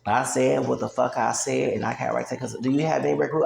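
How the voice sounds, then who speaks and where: A man's voice: mid-range voice, fairly even intonation, quick pace, vocal fry, darkish tone, slight background noise. A man, ranting heatedly and profanely in a vlog, often breaking off with "okay?". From United States. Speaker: vlogger. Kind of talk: heated opinion rant.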